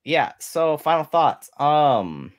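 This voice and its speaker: A man speaking as a guest on a livestream Q&A, giving measured, advisory answers in casual chat over a video call. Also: fairly high pitch, sing-song. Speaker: guest card collector.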